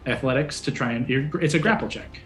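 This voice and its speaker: A man's voice: medium pitch, quick pace, over music. Joking man running a tabletop game. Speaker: game master.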